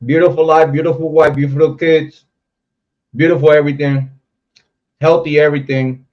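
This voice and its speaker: Speaking at normal speed in a slightly high, level tone, a male livestream host reads viewer comments and rants about other content creators, addressing chat directly. The stream audio sounds dull and lo-fi.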